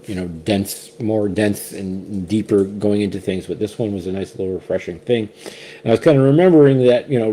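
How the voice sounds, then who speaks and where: A man with a low, mellow voice talks casually through a whiskey tasting. He rambles, restarts his sentences and gets enthusiastic. A faint hiss of noise sits behind him. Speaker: whiskey reviewer, co-host.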